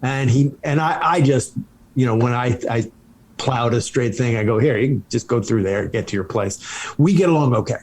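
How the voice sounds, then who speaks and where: A man's voice: medium pitch, normal speed, a little mellow. A man appearing as a comedian guest on a podcast, telling rambling anecdotes in casual chat.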